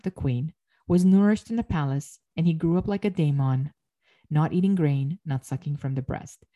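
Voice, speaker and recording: A woman lectures on an ancient myth, reading passages and explaining them as she goes. Her voice sits a little low with a warm, mellow tone, and she often stops to correct herself mid-phrase.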